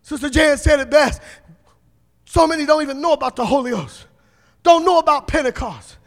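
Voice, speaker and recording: A male pastor preaching and praying in a church, chanting, shouting, then dropping to a hushed prayer, speaking in tongues. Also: very high voice, normal speed. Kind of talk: Pentecostal sermon and prayer. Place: church sanctuary. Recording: long hall reverb.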